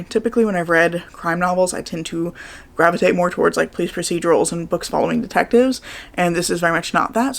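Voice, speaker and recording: A woman with a slightly hoarse morning voice, chatting casually and upbeat about the books she got in a haul, rambling with fillers. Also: on the low side. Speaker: book vlogger. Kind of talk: casual book haul chat.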